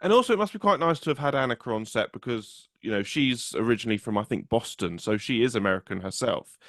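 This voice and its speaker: A man's voice: medium pitch, lively intonation, fast talker, a bit bright, dry recording, studio quality. A man hosting an interview, asking long, meandering questions in a friendly way. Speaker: interview host. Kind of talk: video interview.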